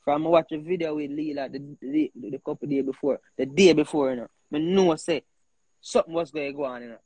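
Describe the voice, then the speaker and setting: A man with a Jamaican accent, hosting a heated casual talk, animated and emphatic, often repeating himself. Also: a little high, quick pace, slightly rough, no echo, poor audio. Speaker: host.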